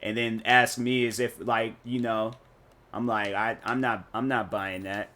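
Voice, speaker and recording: Male gaming streamer, bright tone, rambly and jokey, loose slang between moves. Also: lowish voice, steady tone, unhurried. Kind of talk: casual live-stream chat while playing.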